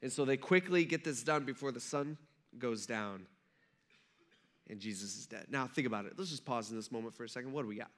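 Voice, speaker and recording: Bright-voiced conversational male pastor. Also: mid-range voice, fairly quick. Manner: conversational storytelling preacher, acting out crowd voices. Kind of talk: sermon.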